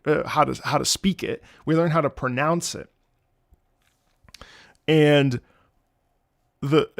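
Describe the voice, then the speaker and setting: A young man with a medium-pitched voice and some vocal fry tells stories to his livestream chat, laughing a lot and acting out the voices of people he quotes. He's a streamer reacting to game music, and the recording is dry and studio-clean.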